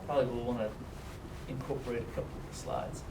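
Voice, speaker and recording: A man's voice: mid-range voice, very animated, quick pace, reverberant, far from the mic, very noisy. A man giving short, casual replies to the instructor during a class.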